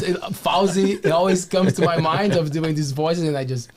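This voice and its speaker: Rambling Brazilian-accented guy, bit high. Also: fast talker, few pauses, a loud crowd. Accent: Brazilian Portuguese. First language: Portuguese. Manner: animated, rambling, restarts words. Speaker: guest. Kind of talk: casual chat.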